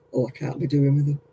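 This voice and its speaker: A man's voice: a little high, vocal fry, dark tone, husky, no echo, rough recording. A tired man, chatting casually with livestream viewers as he crafts, rambling and often laughing. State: tired, yawning.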